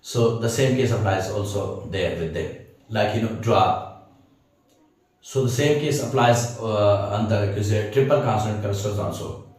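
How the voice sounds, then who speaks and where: A man's voice: on the low side, unhurried, darkish tone. A man teaching an English grammar lesson, hesitating often with fillers and checking that listeners understand. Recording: very echoey room, mic far off.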